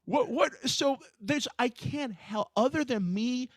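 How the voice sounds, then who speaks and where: A man co-hosting a podcast, telling an emphatic, animated story in casual conversation. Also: extremely high pitch, measured pace, no room sound. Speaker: podcast co-host, HR professional.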